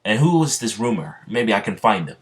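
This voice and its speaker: A man's voice: lowish voice, very animated, brisk. A man voicing a stern male knight in a fan-made story, accusing and giving orders. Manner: accusing, commanding.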